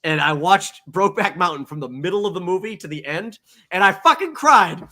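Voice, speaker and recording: A man co-hosting a comedy podcast, telling animated stories full of swearing and acted-out quotes. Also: high voice, a little fast. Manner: animated storyteller, swears a lot, acts out quotes. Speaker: podcast co-host. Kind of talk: casual comedic chat.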